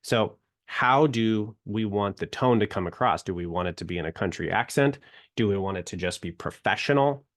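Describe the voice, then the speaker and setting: A man's voice: fairly low pitch, normal speed, fairly bright tone. A man casually explaining a topic to viewers as the instructor, talking loosely with frequent fillers and restarts.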